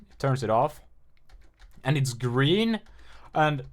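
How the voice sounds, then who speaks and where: A man's voice: medium pitch, slow. Man rambling casually over a trailer. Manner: rambling, offhand, self-mocking, heavy filler words. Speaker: gameplay trailer commentator. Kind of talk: casual video commentary.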